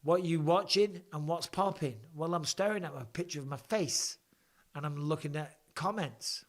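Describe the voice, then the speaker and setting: A man in his forties chats casually on a live stream, his voice sitting a touch higher than most men's. He is blunt and swears freely, teasing viewers with mock irritation as he reads their comments. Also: moderate pace. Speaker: host of a live show.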